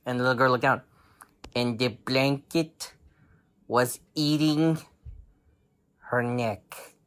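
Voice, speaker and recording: A man's voice: mid-range voice, takes it slowly, fairly bright tone, clear, resonant tone. A man improvising a bedtime story, playful and rambling, breaking into giggles and shrieks.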